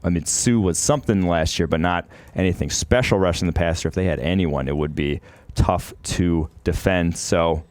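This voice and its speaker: A man on a casual sports podcast, talking through draft picks in a measured, analytical way. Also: low-pitched, no room sound.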